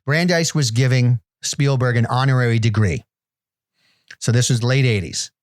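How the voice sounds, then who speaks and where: A man in his fifties telling long anecdotes and mocking himself as he goes. His voice is mid-pitched and dry, with little room sound. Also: moderate pace, dry recording. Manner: rambling self-deprecating anecdotes with restarts. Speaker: podcast co-host. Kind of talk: casual chat, storytelling.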